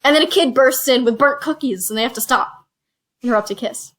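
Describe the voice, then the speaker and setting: A woman's voice: on the high side, a little fast, fairly bright tone. A woman hosting a casual chat, recorded on a phone, animatedly retelling a story and slipping into quoted voices. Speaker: reviewer and show host. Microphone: phone used as camera.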